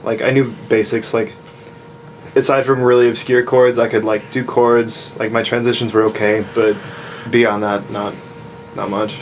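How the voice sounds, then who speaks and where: A man's voice: medium pitch, flat delivery, moderate pace. Rambling man in a noisy room. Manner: rambling with many fillers. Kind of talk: casual chat.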